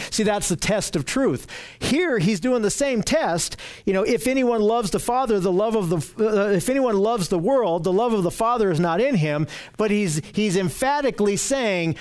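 Male Bible teacher, high voice, earnest and emphatic, repeats words on restarts. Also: lively intonation, normal speed. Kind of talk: Bible study lesson.

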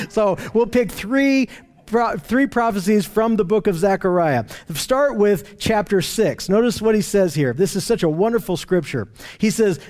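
A man preaching a sermon in an earnest teaching tone, slowing down to stress scripture. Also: high voice, a little mellow.

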